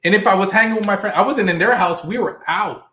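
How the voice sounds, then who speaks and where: A man's voice: sits high, quick pace, pushed and bright, reverberant. A man appearing as a guest on a casual sports podcast, chatty and often checking that the listener agrees.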